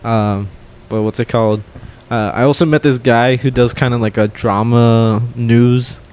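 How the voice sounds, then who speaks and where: A young man co-hosting a podcast, telling a story in casual chat, swearing and loudly acting out what people said. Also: mid-range voice, measured pace, slight background noise. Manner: animated, swears a lot, acts out quotes loudly. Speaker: podcast co-host.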